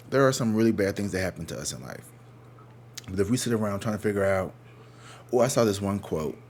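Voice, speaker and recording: A man with a slightly low voice talks through a tarot reading from his living room. He rambles, curses without a filter and doubles back mid-sentence. When he quotes people, he jumps into exaggerated, mocking voices. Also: a little mellow, slight background noise. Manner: candid and profane, rambling with many restarts. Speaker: tarot reader. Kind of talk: casual tarot reading with storytime.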